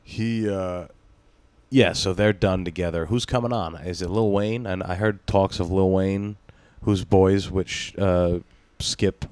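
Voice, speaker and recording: A man's voice: sits low, steady tone, slow, a little mellow, clean tone, no echo. A man hosting a podcast in loose, profane banter, rambling and laughing often between thoughts. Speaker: podcast host. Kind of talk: casual chat.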